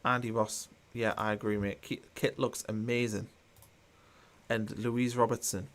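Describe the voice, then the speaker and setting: A man's voice: lowish voice, level tone, a little slow, a bit bright. Chatty man. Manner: chatty, reads viewer comments aloud, mildly sarcastic. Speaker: watchalong host. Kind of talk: live football watchalong commentary.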